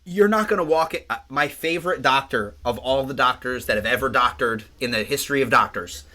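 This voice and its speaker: A man's voice: medium pitch, a little fast. A man co-hosting a fitness podcast, telling rambling, profane stories in a casual chat. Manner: rambling, profane, animated storytelling. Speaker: podcast co-host.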